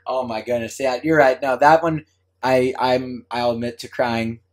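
A man's voice: mid-range voice, fairly even intonation. Friendly man hosting a podcast. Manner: friendly, halting with restarts. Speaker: podcast host. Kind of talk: casual interview.

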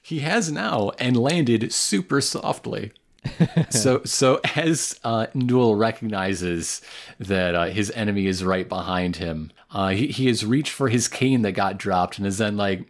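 A man co-hosting a podcast, chatting casually and joking, laughing often and speeding up when excited. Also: lowish voice, measured pace. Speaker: podcast co-host. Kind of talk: casual chat recapping an anime.

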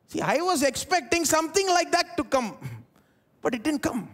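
A man preaching a sermon in an Indian English accent, his fairly high voice rising and falling widely. He moves between loud, stressed lines and quiet, dropped asides, recorded during a live church service. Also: animated, normal speed. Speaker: pastor.

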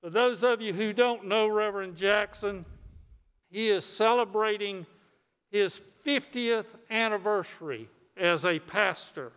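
An older man, a state senator, giving a folksy, unhurried formal speech on the floor of a legislative chamber. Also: high-pitched, fairly bright tone, clear, resonant tone. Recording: echoey chamber, long reverb.

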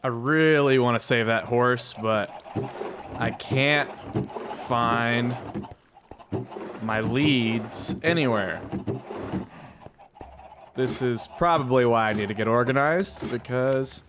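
A man with a mid-range voice talks slowly, pausing often, over a noisy background. He hosts a gaming channel and gives casual let's-play commentary on his own gameplay, chatting to himself and to the in-game animals.

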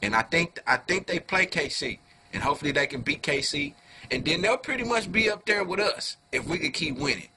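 Male fan reviewer, cussing and slangy, sharp bright edge, slightly raised pitch, quiet hiss behind. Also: lively intonation, fairly quick. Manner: profane slangy talk, keeps calling listeners "dog"; swings from low muttering to loud angry outbursts. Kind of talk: heated fan rant to camera.

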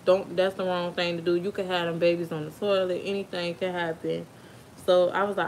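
A woman's voice: fairly low pitch, flat delivery, brisk, fairly bright tone, slight background noise. A young woman with an African American Vernacular English accent, telling a birth story in a chatty way and laughing often. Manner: chatty, laughs often, talks to kids off camera. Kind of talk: casual storytime.

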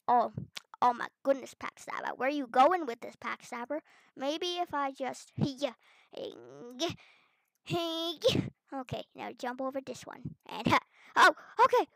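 A woman's voice: high-pitched, a bit bright, no echo. A woman host chatting casually over her gameplay, chatty and playful with squeals and giggles. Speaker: gaming channel host. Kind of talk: casual game commentary.

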